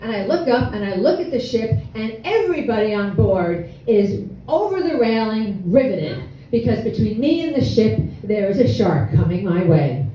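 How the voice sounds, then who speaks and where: Animated older woman telling a funny story. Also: mid-range voice, normal speed, hardly any pauses, a little hiss or hum. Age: 60s. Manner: humorous, animated, self-deprecating. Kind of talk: live storytelling performance. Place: hall with an audience. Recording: echoey room, mic from far off.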